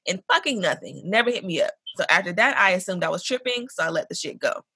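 A woman co-hosting a casual podcast, reading a listener's email aloud in an animated, profane way with African American English. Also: on the low side, a little fast, slightly rough, dry recording. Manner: animated, profane, laughs often. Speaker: podcast co-host.

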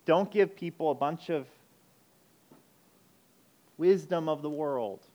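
A man preaching a sermon, emphatic, moving between urgent loud passages and quiet intense ones. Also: fairly high pitch, slow pace, lo-fi sound. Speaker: pastor.

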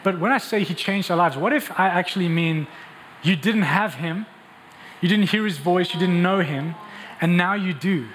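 A man's voice: high-pitched, normal speed, a bit bright, slight background noise. A man preaching a sermon with passion, asking rhetorical questions and restarting phrases as he builds his points. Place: large church hall. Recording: long hall reverb, faint ambience.

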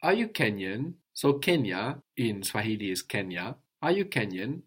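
A man teaching a language lesson, patiently drilling words, repeating a learner's answers slowly and praising them. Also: fairly low pitch, very animated, breathy edge.

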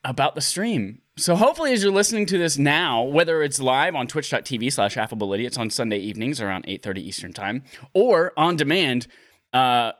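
A man hosting a casual podcast from his living room, excitable and laughing often, swearing casually as he chats. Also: mid-range voice. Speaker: podcast host. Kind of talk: casual chat.

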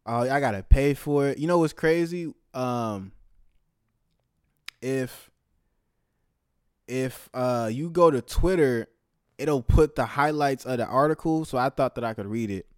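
A young man giving casual, heated commentary, profane and swinging between loud outbursts and low muttered asides. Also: unhurried, long pauses, clean tone, dry recording, clean studio sound.

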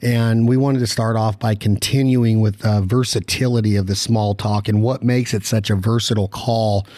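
Low, mellow-voiced male podcast host. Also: steady tone, no room sound, studio quality. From Nevada. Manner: joking, teasing, rapid banter. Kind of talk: casual podcast chat and sponsor reads.

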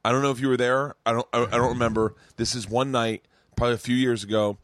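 A man hosting a podcast, telling stories casually with swearing and loud acted-out lines from friends. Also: medium pitch, fast, no room sound. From Florida. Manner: animated, profane, acts out friends' lines in loud voices. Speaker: podcast host. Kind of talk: casual storytelling chat.

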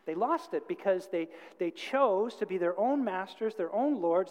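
A man's voice: high voice, expressive, measured pace, hardly any pauses. A man preaching a sermon, telling a story earnestly and rising to emphatic peaks. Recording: long reverb of a large hall.

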